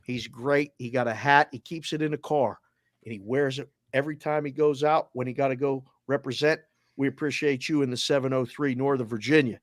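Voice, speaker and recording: A man with a Boston accent hosting a sports talk show, running through listener names and places with energetic, casual shout-outs. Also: medium pitch, a little fast, no echo, studio quality. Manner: energetic, shout-outs with area codes and towns. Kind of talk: roll call of listeners, casual.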